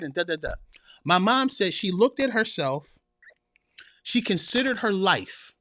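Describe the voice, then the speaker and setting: Male podcast host with a higher voice, motivational sermon-like talk, no room echo. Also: animated, moderate pace, bright, forceful tone, studio quality. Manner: preacherly, storytelling, addresses listeners as sisters. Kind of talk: heartfelt motivational monologue.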